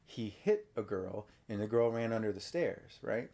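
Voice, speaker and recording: A man's voice: lowish voice, normal speed, gravelly. A man hosting a casual podcast, animatedly retelling a horror movie to a child and acting out bits of it. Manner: animated retelling, acts out characters with yelps. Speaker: podcast host.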